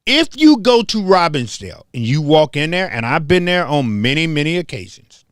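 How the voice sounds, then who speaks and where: A man's voice: on the high side, sing-song, moderate pace, dry recording, studio quality. A man from Memphis hosting a heated commentary monologue, confrontational and emphatic, hammering points home by repeating them. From Memphis, southern US. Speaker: host.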